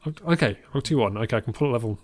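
A man's voice: mid-range voice, very fast, a little mellow. A man co-hosting a casual podcast and running a quiz, chatty and playful, laughing often. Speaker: podcast co-host, quizmaster. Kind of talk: casual chat.

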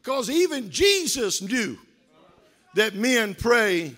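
High-voiced shouting preacher man. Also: animated, normal speed. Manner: shouting, sing-song preaching with call and response. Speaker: guest preacher. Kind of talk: sermon.

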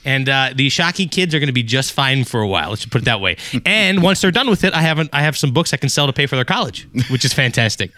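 A man's voice: mid-range voice, animated, sharp tone, dry recording. A man hosting a podcast in casual chat, joking and bantering with his co-host. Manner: joking, fast banter with laughs.

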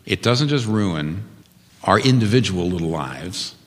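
Lively, low-voiced male preacher in a hall. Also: unhurried. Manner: earnest, emphatic preaching with rising emphasis. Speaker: pastor. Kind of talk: sermon.

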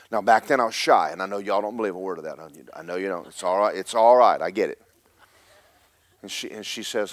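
A man preaching a fiery Pentecostal sermon in church, telling stories and building to emphatic, shouted points. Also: on the low side, fairly quick, no echo, clean studio sound.

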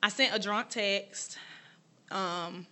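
A woman's voice: mid-range voice, slow, bright, forceful tone. A young woman co-hosting a podcast, talking candidly and casually about feelings, with many "like"s and "y'all"s. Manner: candid, chatty, uses "like" and "y'all". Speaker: podcast co-host. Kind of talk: casual chat.

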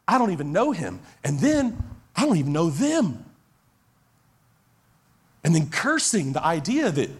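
High-voiced pastor preaching earnestly. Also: male voice, breathy edge. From Texas. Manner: earnest, emphatic preaching with repeated phrases. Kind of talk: sermon.

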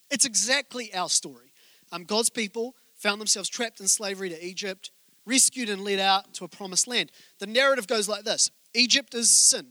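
A male pastor giving a sermon, telling stories in a joking, conversational way and speaking straight to the congregation with quick asides. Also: high-pitched, bright, forceful tone, no echo. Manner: joking, conversational storytelling from the pulpit.

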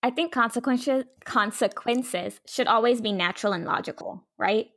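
A woman's voice: fairly high pitch, normal speed, fairly bright tone, no echo, clean studio sound. Thoughtful woman educator. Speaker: podcast co-host, educator. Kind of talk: casual chat.

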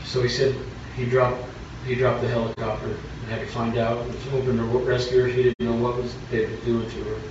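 A man's voice: mid-range voice, flat delivery, a little fast, hardly any pauses, noisy background. Preacher, male, storytelling sermon, echoey and distant. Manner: plain storytelling, rising to fervent preaching. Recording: echoey church from far off, dull.

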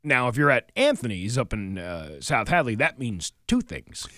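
A man's voice: mid-range voice, big pitch swings, sharp tone, dry recording, clean studio sound. A man co-hosting a morning radio show, chatting casually and rambling. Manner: rambling, quick to put on silly voices. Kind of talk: casual chat.

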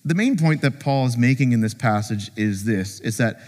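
A man preaching a sermon as pastor, conversational and animated, joking with the congregation and acting out quotes. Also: mid-range voice, normal speed, few pauses, in a large hall. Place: church sanctuary.

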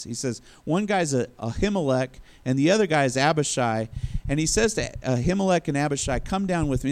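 A man's voice: mid-range voice, darkish tone. A male preacher giving a sermon in a conversational storytelling manner. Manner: conversational storytelling, acts out quotes.

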